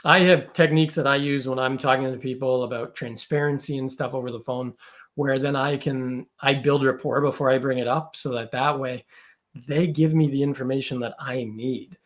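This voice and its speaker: A man's voice: mid-range voice, fairly even intonation, moderate pace. A man talking as a podcast guest in casual conversation, chatty and loose, full of fillers and quoted asides.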